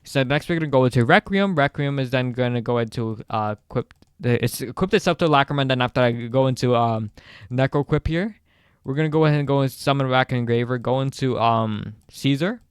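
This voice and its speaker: A man's voice: mid-range voice, brisk, clear, resonant tone, no echo, clean studio sound. Rambling young man explaining card combos. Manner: rambling, self-correcting, fillers, repeats words for emphasis. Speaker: card game deck guide creator. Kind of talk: casual screen-recorded combo tutorial.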